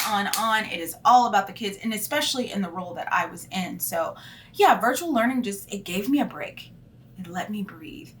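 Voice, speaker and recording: A woman's voice: medium pitch, a little fast, slight background noise. Candid woman teacher vlogging. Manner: candid and animated, lots of fillers. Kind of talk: casual vlog monologue.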